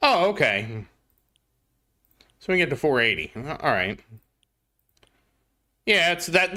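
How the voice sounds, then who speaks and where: Male streamer, chatty and upbeat, bright tone with lots of pitch movement, talks to his chat while playing. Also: very animated, slow, pauses often. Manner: chatty, greets chat viewers by name. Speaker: gaming livestreamer. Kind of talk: casual gameplay commentary.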